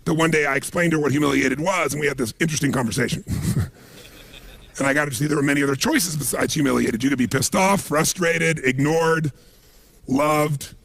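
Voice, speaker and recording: Husky, gravelly motivational speaker, man. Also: on the high side, brisk, no echo. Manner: animated storytelling with emphatic asides. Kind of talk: motivational seminar talk.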